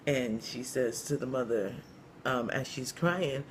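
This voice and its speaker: A man telling a long story joke in a casual, rambling way, with lots of you-knows and pauses. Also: mid-range voice, slight background noise. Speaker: comedian storyteller.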